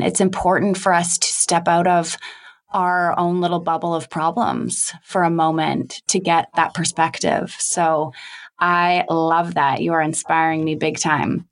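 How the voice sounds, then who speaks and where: A woman's voice: lowish voice, steady tone, a little slow, vocal fry. A woman hosting a podcast interview, encouraging and affirming as she asks questions. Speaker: podcast host.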